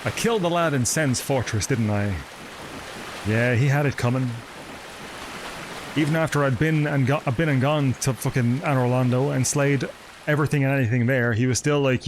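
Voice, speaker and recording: Gravelly sardonic male streamer. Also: mid-range voice, a little fast, slight background noise. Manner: sardonic, profane, chatty. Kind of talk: live gameplay commentary. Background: game music.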